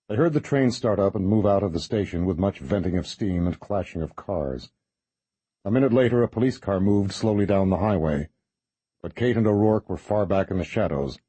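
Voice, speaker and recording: Brief: low-voiced husky man, measured audiobook narration, dry studio sound. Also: warm tone, no echo.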